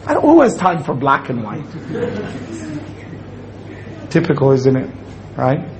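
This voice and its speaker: A man's voice: on the high side, huge pitch swings, slow, a crowd in the background, rough recording. A man giving a humorous Islamic lecture to an audience, joking and acting out little scenes as he speaks. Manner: joking, playful storytelling with acted-out quotes.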